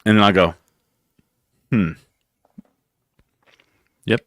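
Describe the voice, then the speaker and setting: A man's voice: fairly low pitch, animated, brisk, no room sound. A man hosting a radio show, joking and teasing in casual studio banter with an American accent. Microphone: studio mic.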